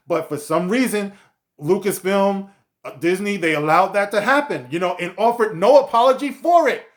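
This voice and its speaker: A man giving a profane, sarcastic rant as a video commentator, with many fillers like "you know". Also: a little high. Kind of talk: ranting commentary vlog.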